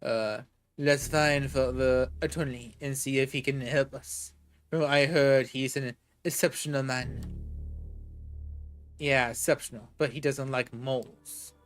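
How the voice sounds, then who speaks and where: A man's voice: mid-range voice, fairly even intonation, unhurried, faint music behind, natural voice. A man doing a grave vampire lorekeeper. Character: vampire ally, grave and lore-minded.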